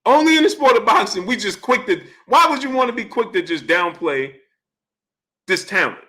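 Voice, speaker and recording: A man's voice: high-pitched, expressive, normal speed, pushed and bright. A man hosting a boxing livestream, talking casually, greeting chatters by name and firing the same question again and again.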